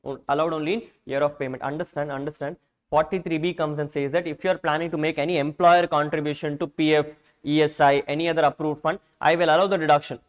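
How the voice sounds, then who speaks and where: Man, Indian English accent, tax lecturer, rapid delivery, repeats lines, quizzes students. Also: a little high, fairly even intonation, poor audio. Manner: repetitive, quizzing the class with rhetorical questions. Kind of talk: classroom lecture.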